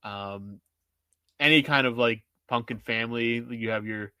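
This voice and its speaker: Thirties male co-host, bright tense voice, loose filler-heavy chat, dry. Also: mid-range voice, a little slow, clean tone, no room sound. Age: 30s. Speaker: podcast co-host. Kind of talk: casual sports podcast chat.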